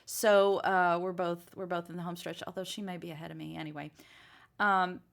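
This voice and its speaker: A woman's voice: lowish voice, flat delivery, brisk, gravelly. A woman co-hosting a casual podcast, chatting earnestly and reflectively with frequent restarts. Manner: chatty, earnest, drifts into reflective church talk. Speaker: podcast co-host. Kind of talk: casual chat.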